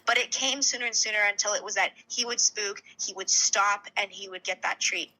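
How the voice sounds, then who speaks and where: A woman's voice: mid-range voice, steady tone, fairly quick, sharp tone, low-quality recording. A woman horse trainer, a guest on a podcast, telling stories eagerly in casual conversation and laughing as she talks.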